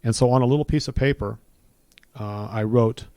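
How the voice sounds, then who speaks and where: Earnest middle-aged man, mellow voice. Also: medium pitch, moderate pace, no room sound. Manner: earnest, preacherly build-ups with repeated phrases. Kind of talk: personal testimony in conversation.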